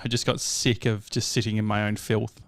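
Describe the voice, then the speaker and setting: A man's voice: fairly low pitch, level tone, normal speed, dry recording, studio quality. Rambling Australian man on a podcast. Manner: rambling, self-correcting storyteller. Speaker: podcast co-host. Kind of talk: casual chat.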